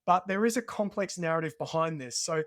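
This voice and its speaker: A man with an Australian accent, a podcast guest telling a personal story in an earnest, animated way. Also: a little high, a little fast, dry recording, studio quality. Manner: earnest and animated, acts out remembered dialogue. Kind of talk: conversational storytelling.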